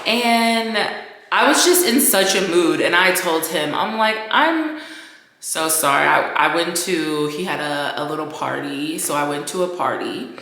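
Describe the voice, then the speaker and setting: A woman's voice: on the low side, moderate pace, a bit bright. A woman hosting her own show, ranting candidly and with plenty of profanity, a little tipsy. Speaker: podcast host. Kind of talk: casual rant monologue. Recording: roomy echoey room.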